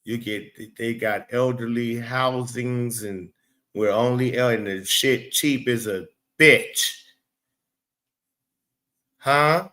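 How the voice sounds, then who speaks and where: Male livestream host, slow unhurried delivery, profane and rambling, mid-range voice. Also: mid-range voice, fairly even intonation, sharp tone. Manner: blunt, rambling and profane, talking back to the chat. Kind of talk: live chat commentary.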